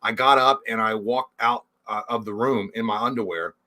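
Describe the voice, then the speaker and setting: A man's voice: on the low side, steady tone, normal speed, pushed and bright. A man co-hosting a casual livestream chat, telling rambling, profane stories. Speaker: co-host.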